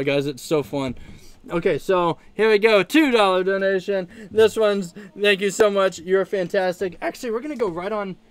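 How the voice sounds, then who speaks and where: An upbeat man with a higher-than-usual voice hosts a casual live stream from a room at home. He talks to his viewers in a chatty way, with plenty of fillers, and keeps thanking them. His voice comes from a camera mic set some distance away. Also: clear, resonant tone. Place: home room with plush pile.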